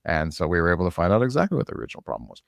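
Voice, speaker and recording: A man's voice: deep voice, huge pitch swings, racing, vocal fry, no room sound, clean studio sound. A man from Minnesota hosting a podcast in casual interview chat, rambling and restarting sentences. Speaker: podcast host.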